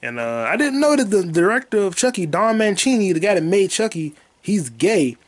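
A man hosting a podcast alone, telling crude, rambling stories and bursting into loud high yelps and sound effects. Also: very animated, moderate pace. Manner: profane, rambling storytelling. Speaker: podcast host. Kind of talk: casual solo podcast monologue.

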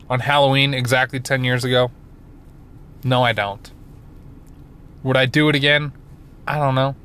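A man's voice: mid-range voice, a bit bright. A man in his twenties telling a comic story with playful, self-mocking bravado, acting out the voices of the people in it. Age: 20s. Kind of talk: comedic storytelling to camera.

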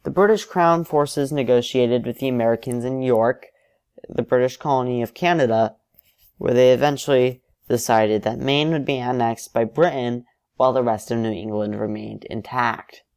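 Male narrator for alternate history, steady and explanatory, mid-range voice. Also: mid-range voice, moderate pace, smooth.

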